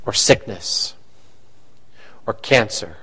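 A man's voice: on the low side, animated, takes it slowly, fairly bright tone, breathy edge. A man, a pastor, preaching a conversational sermon and asking his congregation questions.

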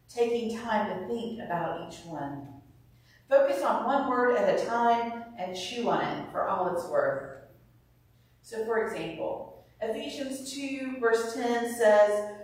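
Calm woman teaching bible practices, steady explainer tone, lots of room echo. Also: mid-range voice, recorded from a distance. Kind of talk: teaching on scripture meditation. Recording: roomy echo, voice somewhat off-mic.

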